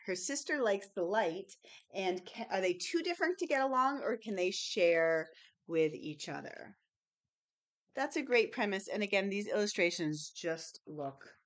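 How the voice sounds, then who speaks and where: A woman's voice: on the low side, a bit bright. A woman librarian chatting casually and enthusiastically as she unboxes new children's books, with many ums and little gasps.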